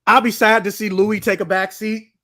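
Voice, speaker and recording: A man in a relaxed podcast chat, his voice high and bright. He talks in an easygoing way, reasoning his points through. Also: normal speed. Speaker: podcast co-host. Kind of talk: casual chat.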